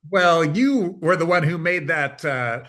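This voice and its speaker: A man's voice: fairly high pitch, expressive, unhurried, fairly bright tone. A middle-aged man speaking as a guest on a podcast over a video call, in a modest, self-deprecating way. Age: middle-aged or older. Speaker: film producer, interview guest. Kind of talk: casual interview chat.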